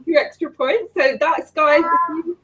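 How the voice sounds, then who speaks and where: A woman's voice: extremely high pitch, fairly even intonation, unhurried, fairly bright tone. A woman hosting an interview, giving brief, affirming prompts. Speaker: host.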